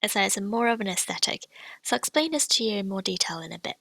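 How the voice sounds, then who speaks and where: A woman language teacher explaining pronunciation in a clear, patient, scripted lesson, demonstrating each sound. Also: medium pitch, lively intonation, fast, fairly bright tone, dry recording.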